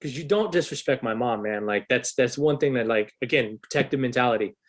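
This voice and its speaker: A man in his thirties, a musician guest on a podcast, telling a story in a casual, swearing, animated way. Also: mid-range voice, fairly quick. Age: 30s. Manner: swears freely, animated retelling.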